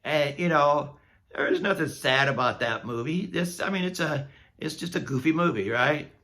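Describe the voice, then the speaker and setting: Bright-voiced man telling a candid story. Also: a little high, moderate pace. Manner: candid and self-mocking, laughing at his own misery. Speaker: vlogger. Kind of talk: casual personal storytelling.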